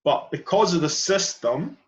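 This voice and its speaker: A young podcast host from Edinburgh, Scotland, delivers an earnest conversational monologue, speaking with passion and stressing and repeating his key points. His voice is high and expressive at a measured pace, and the highs in the audio are cut off.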